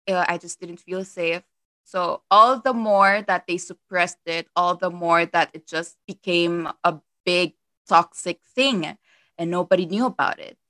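Young woman, halting storytelling, lots of fillers, bright tone, dead dry room. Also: lowish voice, dry recording. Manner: halting, hesitant, many fillers. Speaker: guest. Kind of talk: candid personal storytelling.

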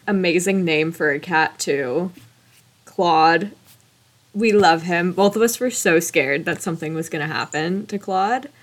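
A woman's voice: fairly low pitch, unhurried. A young woman co-hosting a podcast, chatting casually in an emphatic, slangy way about a film she loves. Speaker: podcast co-host. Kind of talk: casual chat.

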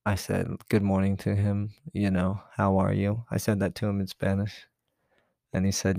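A man's voice: deep voice, monotone, normal speed, vocal fry, warm tone, no room sound, clean studio sound. A man co-hosting a podcast in casual chat, playful and acting out the voices of people he quotes. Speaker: podcast co-host.

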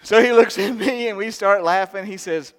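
A man preaching a sermon, telling a story in an animated, humorous way. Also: high voice, moderate pace. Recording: long reverb in a large hall.

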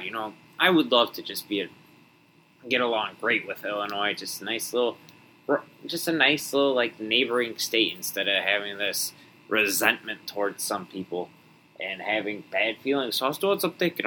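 A man's voice: fairly low pitch, pushed and bright, poor audio. A young man from Wisconsin hosting a solo podcast, rambling and joking with mock indignation. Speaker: podcast host.

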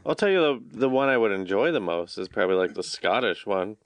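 A man's voice: fairly low pitch, lively intonation, brisk, clean tone, dry recording. A man co-hosting a podcast, joking and opinionated in casual chat. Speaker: podcast co-host.

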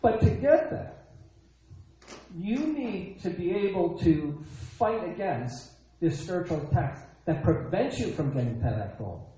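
Mellow-voiced male preacher in an echoey room. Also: sits high, sing-song, measured pace. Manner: emphatic, repeats phrases, asks rhetorical questions. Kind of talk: sermon. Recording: echoey dull lo-fi sound.

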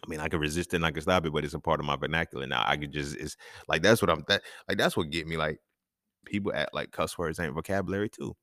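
A young man hosting a casual podcast monologue, talking in an animated, profane way and laughing often. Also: very deep voice, quick pace, no room sound, studio quality. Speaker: podcast host.

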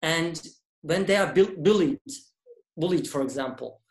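A man speaking in a casual discussion, halting and often repeating and restarting words. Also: a little high. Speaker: guest speaker. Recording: echoey room.

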